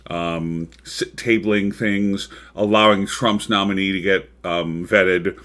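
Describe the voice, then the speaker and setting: A man's voice: low voice, fairly even intonation, takes it slowly, fairly bright tone. A man hosting his own livestream talk show, chatting casually about politics with frequent ums and rambling asides.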